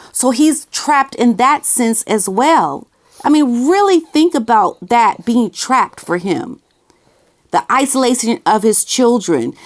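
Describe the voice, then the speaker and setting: A woman giving casual opinion commentary on her vlog, emphatic and repeating her key phrases, sometimes talking aside to someone off camera. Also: a little high. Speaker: commentary vlogger.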